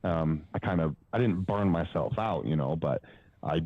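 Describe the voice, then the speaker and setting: A man's voice: sits low, moderate pace, no echo, dull audio. A man in his twenties, a powerlifting coach guesting on a podcast, telling stories casually in a rambling way with lots of fillers and the odd swear. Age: 20s. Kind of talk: casual storytelling.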